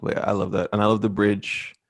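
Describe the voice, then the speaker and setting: A man co-hosting a podcast in casual chat, laid-back and halting, repeating words and swearing casually. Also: on the low side, little pitch movement. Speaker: podcast co-host.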